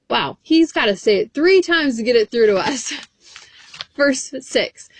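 A woman's voice: on the high side, expressive, takes it slowly, no echo. A woman preaching a sermon in an earnest way, reading scripture aloud and asking the listeners direct questions.

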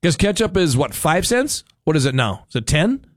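A man's voice: on the high side, big pitch swings, moderate pace, no echo, clean studio sound. A man hosting a radio talk show, chatting in a rambling, opinionated way full of fillers and restarts.

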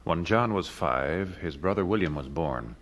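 A male narrator telling a story in measured, scripted narration. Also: sits low, lively intonation, fairly bright tone, faint music behind.

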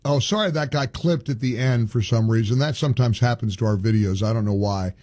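A man's voice: medium pitch, a little fast, darkish tone, dry recording. A male talk show host giving indignant, emphatic political commentary, often restarting his sentences.

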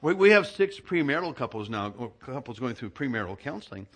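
A man's voice: medium pitch, big pitch swings, fast, fairly bright tone. A man from Southern California, a pastor preaching a sermon in a conversational, self-mocking storytelling way. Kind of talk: sermon with humorous personal anecdotes.

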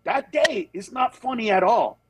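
A man with a high, husky voice tells stories in a loose, animated way, his pitch leaping as he acts out other people. He is recorded up close on a dry mic, with no room sound. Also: moderate pace, no room sound, low-quality recording. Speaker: comedian guest. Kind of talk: candid podcast conversation.

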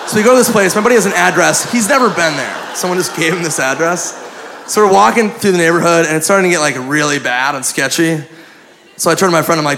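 A male stand-up comic with a fairly high, gravelly voice tells a crude, profane story, acting out each line of dialogue. He is recorded live on a club stage through a handheld mic, with audience laughter and room noise behind him. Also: animated, fast, bright, forceful tone, a faint crowd. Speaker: stand-up comedian.

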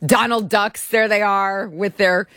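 A woman's voice: mid-range voice, steady tone, measured pace, fairly bright tone, clear, resonant tone, no room sound, studio quality. A woman hosting an opinion talk show, giving commentary in a sarcastic, mocking way. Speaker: show host.

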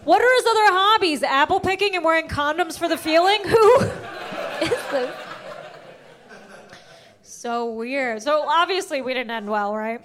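A young woman telling a stand-up comedy story, animated, acting out what people said. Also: sits high, unhurried, long pauses. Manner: animated storytelling, acts out quotes.

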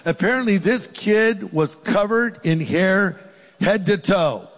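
A pastor delivers a sermon, his voice a touch higher than most men's. He tells the story with relish and slips into the characters' voices. A long reverb trails his words, as in a large hall. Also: slow pace.

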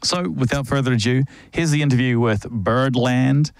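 A man's voice: medium pitch, normal speed, vocal fry, clear, resonant tone, dry recording. A man in his thirties with a Southland New Zealand accent, hosting a radio show and chatting with guests in a friendly way, with fillers and restarts. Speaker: radio host. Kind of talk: radio show presenting and interviewing.

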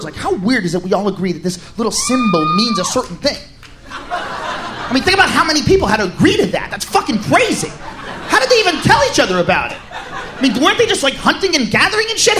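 Animated, profane stand-up comedian man. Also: very high voice, fast talker. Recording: live club recording with audience. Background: audience noise.

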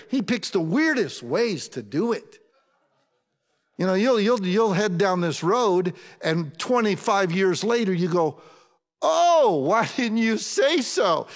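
A man preaching a sermon in a conversational way, putting questions to his congregation. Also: high voice. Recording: long reverb of a large hall.

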